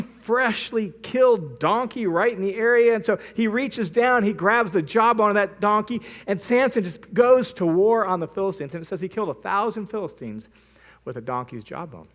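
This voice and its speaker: High-voiced man telling a sermon story. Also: lively intonation, normal speed. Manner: vivid storytelling, acting out quotes. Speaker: pastor. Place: church.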